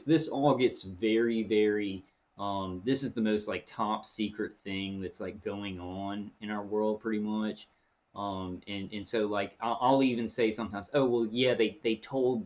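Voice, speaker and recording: A man vlogging in an earnest, rambling monologue, often restarting his phrases. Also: fairly low pitch. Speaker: video blogger.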